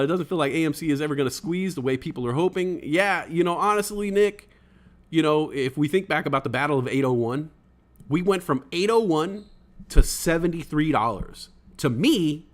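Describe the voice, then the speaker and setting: A man hosting a casual livestream podcast, reading chat comments aloud and rambling excitedly, swearing now and then. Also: on the high side.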